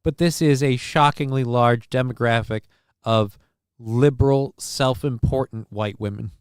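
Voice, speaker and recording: A man's voice: medium pitch, measured pace, smooth, no room sound, studio quality. A man from the American Midwest hosting a casual livestream, joking and rambling as he comments on the news. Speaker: host.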